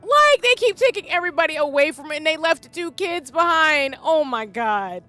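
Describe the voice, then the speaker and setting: A high-pitched woman with a bright, sharp tone chats to her stream while playing. She is emotional and gushing, often close to tears, with faint game music playing behind her. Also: lively intonation, moderate pace. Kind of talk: casual live-stream commentary.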